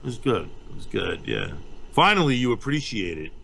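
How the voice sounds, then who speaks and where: A man's voice: mid-range voice, big pitch swings, normal speed, vocal fry, pushed and bright. Profane podcast co-host man. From Malden, Massachusetts. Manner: profane, rambling storyteller. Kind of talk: casual podcast chat.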